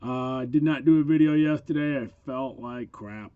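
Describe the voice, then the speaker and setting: A man from Minnesota with the distinctive speech of a hard-of-hearing talker, chatting casually through a sales vlog, his voice rough from a cold and broken by ums. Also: medium pitch, moderate pace, dry recording, narrow, tinny audio. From Minnesota, USA. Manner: chatty, with frequent ums and small laughs. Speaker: eBay reseller.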